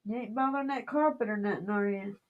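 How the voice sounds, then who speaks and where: A woman's voice: medium pitch, quick pace, no echo, narrow, tinny audio. A woman, chatting casually with viewers on a livestream and rambling on in her dialect. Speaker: livestream host.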